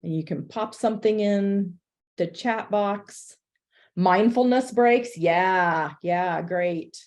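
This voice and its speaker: Lady teaching a webinar for teachers, mellow warm voice, chatty and upbeat. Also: medium pitch, takes it slowly. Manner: conversational, upbeat, reads chat replies aloud. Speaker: workshop presenter for educators. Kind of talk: webinar presentation.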